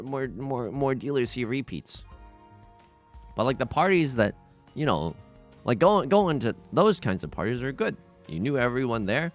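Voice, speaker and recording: A man's voice: mid-range voice, vocal fry. A young man hosting a let's play, chatting casually and mock-outraged at his luck in a self-deprecating way. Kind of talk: casual gameplay commentary.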